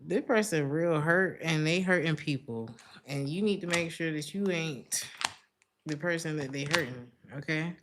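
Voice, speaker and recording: A woman's voice: low-pitched, normal speed. A woman giving a casual tarot reading, chatty and slangy, laughing often between remarks. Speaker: tarot reader.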